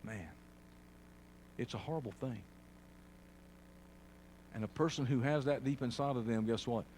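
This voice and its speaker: A man preaching a sermon, swinging from quiet, low passages to loud, shouted peaks. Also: moderate pace, slight background noise. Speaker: pastor.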